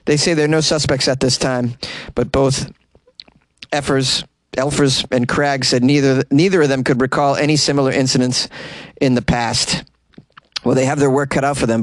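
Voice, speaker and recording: A man's voice: mid-range voice, dry recording. A man hosting a comedy news podcast, riffing sarcastically and animatedly on weird stories. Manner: sarcastic, animated, jumps into mocking voices. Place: small closet.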